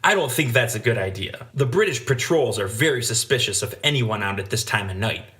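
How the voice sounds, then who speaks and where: A man's voice: medium pitch, expressive, fairly quick, bright, forceful tone. A man voicing a secretive male spy who gives terse, guarded instructions.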